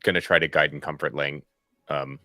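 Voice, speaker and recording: A man playing a tabletop game in character, gentle and hesitant. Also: rumbling low, steady tone, a little fast, no echo, clean studio sound, soft background music. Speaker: player.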